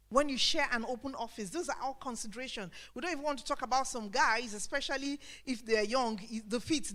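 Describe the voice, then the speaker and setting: A woman's voice: high voice, fairly bright tone. A woman giving a frank, humorous talk on workplace etiquette at a career seminar.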